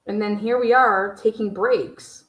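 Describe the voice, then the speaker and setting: A woman's voice: medium pitch, fairly even intonation, a little slow, fairly bright tone, echoey room, low-quality recording. A woman giving blunt, angry, profanity-heavy commentary on a livestream, swearing constantly as she rants.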